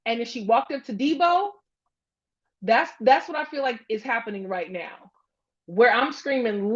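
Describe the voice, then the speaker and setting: A woman's voice: on the high side, animated, measured pace, slightly rough. A woman hosting a casual sports talk, reacting to game footage with laughter and acting out players' lines. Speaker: host. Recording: dull lo-fi sound.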